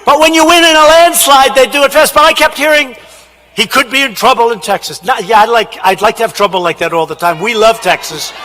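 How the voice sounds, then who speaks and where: A man giving a campaign rally speech in a large indoor hall, shouting with emphatic, repetitive phrasing into a podium microphone. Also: very high-pitched, fairly even intonation, quick pace, hardly any pauses. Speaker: politician at a rally.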